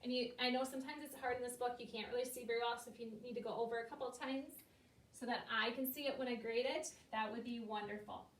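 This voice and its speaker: A woman teacher with a fairly high voice walks young children through a recorded lesson one step at a time. She speaks patiently and clearly. She stands a little back from the mic in a room with a lot of echo. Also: fairly even intonation, fast talker, distant mic. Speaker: elementary school teacher. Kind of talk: recorded remote classroom lesson.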